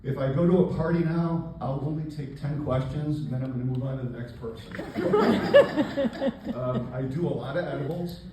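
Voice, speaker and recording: An older man performing a stand-up comedy set on a club stage, with a deadpan, self-mocking delivery. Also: medium pitch, fairly quick, background noise. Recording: echoey live club, distant mic. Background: audience laughter.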